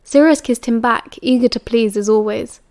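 A woman with a British accent narrating an audiobook in a steady, measured read. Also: a little high, dry recording. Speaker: audiobook reader.

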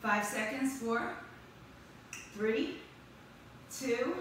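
A slightly high, animated voice with a fairly bright tone belongs to a woman leading a live fitness class, counting aloud and spurring the group on. She keeps her cues brisk and upbeat, heard from a distance in a very echoey room with faint noise.

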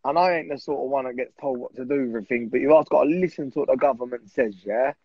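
A man's voice: medium pitch, racing, breathy edge, no room sound. A man talking casually as a podcast guest, laid-back, slangy and sweary, on a dull, dry recording.

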